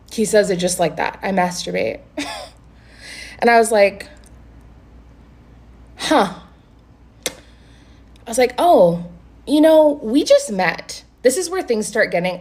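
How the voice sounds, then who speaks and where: A young woman telling a story straight to camera in a casual, lively way. She swears freely and acts out what each person said. Her voice sits in an ordinary middle pitch. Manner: animated, profane, acts out both sides of the conversation. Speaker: vlogger telling a dating story.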